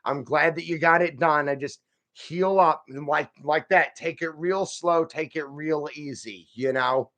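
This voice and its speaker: A man's voice: fairly high pitch, a little slow, a bit bright. A man hosting a casual live stream, rambling and folksy as he reads out viewer comments and answers them. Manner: folksy, calls viewers friend and y'all.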